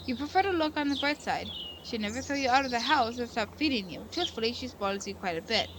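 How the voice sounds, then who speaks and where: A woman's voice: fairly high pitch, lively intonation, fast, noisy background. A woman reading a visual novel game aloud and rambling about it, with giggly, emotional reactions. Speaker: gaming video creator.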